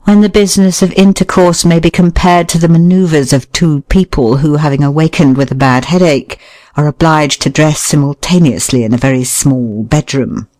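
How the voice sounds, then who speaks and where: An audiobook reader giving a measured, expressive narration of a nonfiction book, briefly voicing short quoted remarks. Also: medium pitch, no echo, studio quality.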